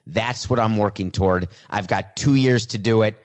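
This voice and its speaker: A man's voice: lowish voice, normal speed, lightly acted. A man playing a blunt star quarterback. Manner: plain own voice, no attempt at an impression. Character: famous male star quarterback, blunt at a press conference. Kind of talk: mock press-conference monologue.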